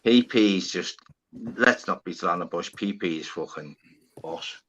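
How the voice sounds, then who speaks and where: A man hosts a live stream panel and talks into his phone. His voice is bright and forward. He tells stories with plenty of swearing and plays both sides of every exchange. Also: low voice, unhurried, lo-fi sound, a little hiss or hum. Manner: swearing, animated, acts out both sides of conversations. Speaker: livestream host. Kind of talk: casual storytelling chat.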